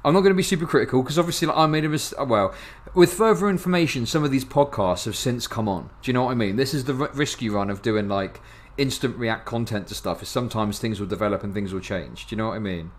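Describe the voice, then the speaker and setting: A man's voice: medium pitch, quick pace. Male streamer reacting live, loose rambling delivery, ordinary mid-range voice. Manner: rambling, restarts often, laughs a lot.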